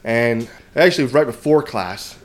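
A man's voice: medium pitch, animated, normal speed. Rambling self-mocking male storyteller. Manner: rambling, self-mocking, often adds "right?". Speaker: podcast co-host telling a story. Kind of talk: casual storytelling chat.

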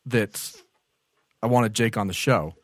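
A man's voice: lowish voice, slow, no echo. Man hosting a casual podcast, dry sound. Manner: jokey, explains the news plainly. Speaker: podcast host.

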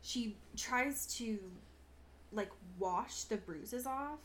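A woman's voice: a little high, drawn-out words, fairly bright tone, a little hiss or hum. A young woman co-hosting a podcast, recapping a show in a casual, thoughtful way with many fillers. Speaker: podcast co-host.

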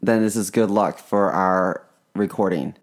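A man's voice: low voice, fairly even intonation, a little slow. A young man co-hosting a podcast, talking in a hesitant, wry way with many restarts. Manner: hesitant, restarts often, dry humor. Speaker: podcast co-host. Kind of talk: casual podcast banter.

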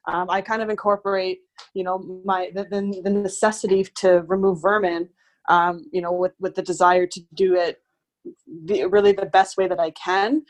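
A woman's voice: medium pitch, flat delivery, moderate pace. A woman who works in pest control, chatting casually as an interview guest, rambling with many fillers.

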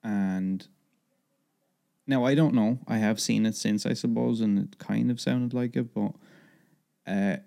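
A man's voice: fairly low pitch, steady tone, measured pace, vocal fry, long pauses, dark tone. A man co-hosting a podcast, casually telling a rambling story full of fillers and swearing. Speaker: podcast co-host. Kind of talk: casual chat.

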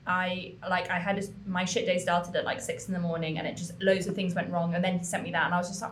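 A young woman co-hosting a podcast, telling a story in an animated way, with lots of swearing and fillers. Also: medium pitch, fast, hardly any pauses, reverberant, a little hiss or hum. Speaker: podcast co-host. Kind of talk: casual chat.

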